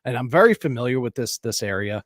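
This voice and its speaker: A man co-hosting a podcast, telling a story in casual chat, profane and animated, laughing often. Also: mid-range voice, fast talker, dry recording, clean studio sound. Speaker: podcast co-host. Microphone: podcast mic on a live stream.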